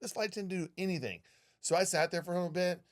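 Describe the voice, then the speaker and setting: A man co-hosting a podcast, telling a story in casual, animated talk with a lot of swearing. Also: sits high, fast. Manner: animated, profane, acts out what people said. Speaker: podcast co-host, flight attendant.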